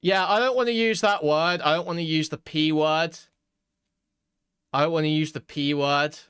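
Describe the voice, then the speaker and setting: A man's voice: a little high, steady tone, normal speed, fairly bright tone, clear, resonant tone, dry recording, studio quality. A man reacting to a clip with mocking, crude commentary and frequent laughs. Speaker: commentary host.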